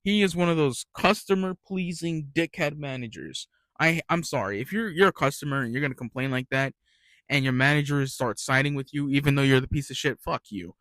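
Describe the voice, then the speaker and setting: A man's voice: a little high, fairly quick, fairly bright tone, no echo. A young man telling retail work stories in a rambling, ranting casual monologue, swearing freely.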